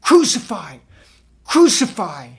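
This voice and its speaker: A man voicing an angry crowd of chief priests, shouting demands in a scripture drama. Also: high-pitched, animated, takes it slowly, gravelly, exaggerated voice.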